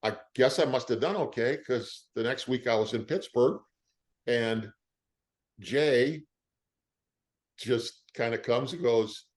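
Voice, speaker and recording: An older man, an actor, being interviewed and telling animated stories about his career, acting out what other people said. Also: mid-range voice, takes it slowly, pauses often. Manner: animated storyteller who acts out the quoted lines of others. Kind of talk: casual interview storytelling.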